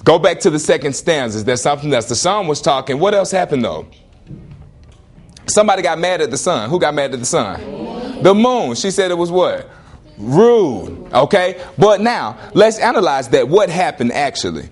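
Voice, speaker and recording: A male teacher with a slightly higher voice leads a classroom lesson, firing questions at his students. He repeats prompts and pushes them along with lively energy. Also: moderate pace.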